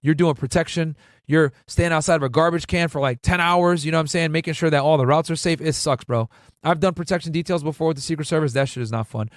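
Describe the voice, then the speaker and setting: Slangy ex-agent man, slightly high voice. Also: fast talker, no room sound, studio quality. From Connecticut, US Northeast. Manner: slangy and profane, peppered with "bro" and "right?"; rambling, with frequent restarts. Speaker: former federal agent, channel host. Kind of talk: casual storytelling to viewers.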